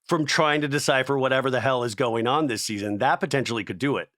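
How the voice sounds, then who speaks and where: A man guesting on a podcast in casual chat, animated and enthusiastic, often laughing as he talks. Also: mid-range voice, quick pace, no echo, clean studio sound. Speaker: podcast guest, host of another show.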